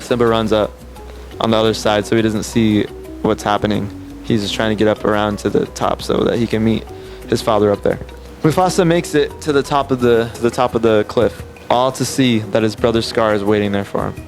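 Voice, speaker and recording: A man retelling a film scene by scene in an animated, emphatic way, often restarting his sentences. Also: fairly low pitch. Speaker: film reviewer. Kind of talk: casual scene-by-scene movie recap.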